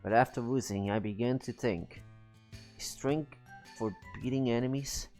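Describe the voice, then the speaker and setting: A man voicing a stern, regretful older warlord father in a game, reading his lines slowly and solemnly. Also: mid-range voice, a little mellow, soft background music, natural voice.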